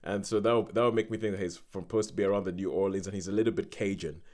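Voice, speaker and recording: Low-voiced male podcast host. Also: steady tone, racing, darkish tone. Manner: rambling, frequent restarts and laughs. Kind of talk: casual film chat.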